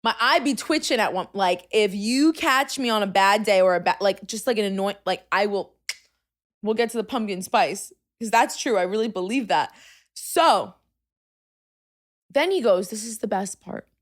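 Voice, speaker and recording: A young woman hosting a podcast, telling a story in casual chat, swinging from hushed asides to loud, exasperated outbursts and using "like" constantly. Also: medium pitch, expressive, moderate pace. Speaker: podcast host.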